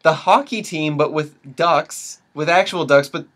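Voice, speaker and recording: A man's voice: fairly high pitch, measured pace, fairly bright tone, a little hiss or hum. A young man co-hosting a podcast, chatting casually, joking and swearing as he riffs. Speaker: podcast co-host. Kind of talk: casual chat.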